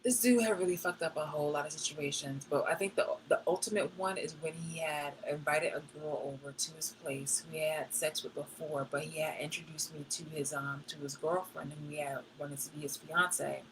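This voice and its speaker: A woman live streaming, telling a personal story in a blunt, profane and animated way. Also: deep voice, fairly quick, hardly any pauses, background noise.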